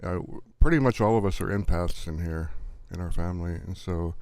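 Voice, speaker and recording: A middle-aged man hosts a live stream in an easygoing, chatty way. His voice sits a little low and is recorded close and dry. He greets viewers warmly by name and laughs often. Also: brisk, no room sound. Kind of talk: casual live stream chat.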